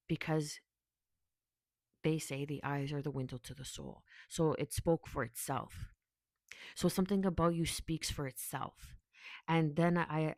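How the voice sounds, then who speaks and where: A woman's voice: low-pitched, darkish tone, no echo. A woman casually giving a tarot reading, rambling and chatty as she talks straight to the viewer. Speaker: tarot reader.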